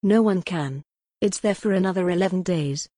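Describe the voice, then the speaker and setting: A woman reading the lines of a stern, controlling man in a gothic audiobook, in a flat, dismissive tone. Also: lowish voice, normal speed, dry recording, studio quality, lightly acted. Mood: curt.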